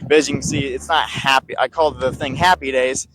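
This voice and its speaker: A man in a loose, rambling retrospective, chatting about his old videos. He stops and restarts often, drifting into asides. His voice sits in an ordinary middle pitch, and soft music plays faintly in the background. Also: fairly even intonation, fairly quick, low-quality recording. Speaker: video creator looking back on his channel.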